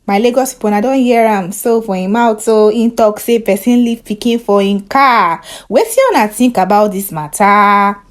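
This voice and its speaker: A Nigerian woman voicing a chatty radio show host, loud and teasing. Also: mid-range voice, moderate pace, few pauses, natural voice. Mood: lively.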